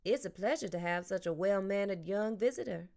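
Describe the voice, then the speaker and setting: A woman's voice: mid-range voice, fairly quick, vocal fry, natural voice. A woman reading an audiobook, voicing a caring, motherly woman who fusses over a child and scolds her father. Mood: tender. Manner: warm, scolding. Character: motherly middle-aged woman, caring, fussy.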